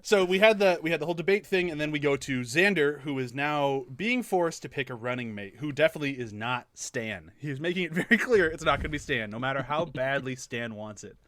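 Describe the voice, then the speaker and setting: Lively bright-voiced man chatting. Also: on the high side, a little fast, few pauses, dry recording. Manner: animated, laughs often, jumps between tangents. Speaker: podcast co-host. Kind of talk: casual chat.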